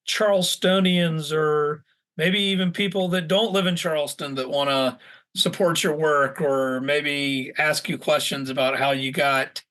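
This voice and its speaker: A man's voice: on the high side, a bit bright. A man hosting a podcast who asks rambling questions and restarts his sentences often as he works out what to say. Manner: halting, restarts often while forming questions. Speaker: podcast host. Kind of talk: conversational interview questions.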